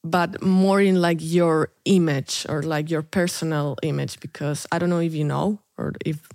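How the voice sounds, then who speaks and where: A woman's voice: low-pitched, fairly even intonation, moderate pace, darkish tone, dry recording, clean studio sound. A Colombian-born woman in her twenties, a native Spanish speaker, chatting casually as a podcast guest, laughing often and using lots of fillers. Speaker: interview guest, international student. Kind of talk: casual interview chat.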